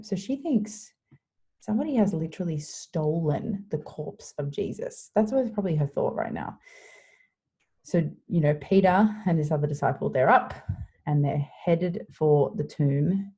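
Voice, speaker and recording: A young woman leads a devotion by retelling a scripture story in a casual, animated way. Her voice sits low with a husky, gravelly texture and a mellow tone. She drifts through lots of fillers as she talks it through. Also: measured pace, pauses often, highs cut off. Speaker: devotion leader.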